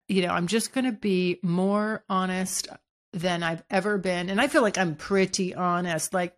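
A woman hosting her own podcast, talking frankly and casually in a solo monologue, with frequent restarts and casual swearing. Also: on the low side. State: hiccuping. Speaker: podcast host.

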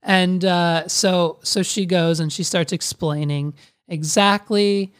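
A woman's voice: lowish voice, fairly even intonation, slow, clean tone. A woman commenting casually and comically, rambling with plenty of "like"s and some crude language. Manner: rambling, crude, full of likes.

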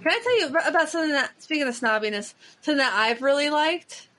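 A woman's voice: sits high, animated, fast talker, fairly bright tone. A woman co-hosting a podcast in casual chat, rambling with frequent restarts and fillers. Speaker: podcast co-host.

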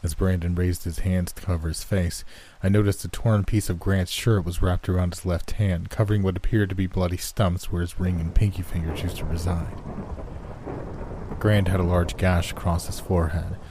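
A man reading a horror story aloud in measured scripted narration. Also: low voice, level tone, background noise. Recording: rain and thunder sounds behind.

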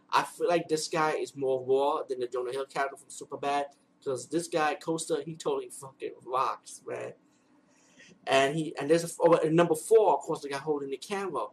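A man giving a casual unboxing and review vlog, excitable and rambling, swearing freely. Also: medium pitch, slight background noise, poor audio. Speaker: movie reviewer.

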